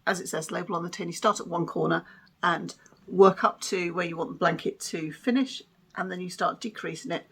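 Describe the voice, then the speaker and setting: A woman's voice: lowish voice, a little fast, creaky, husky. A woman hosting a crafting vlog, chatting casually at home with lots of ums, little laughs and self-deprecating asides. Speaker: crafting podcast host.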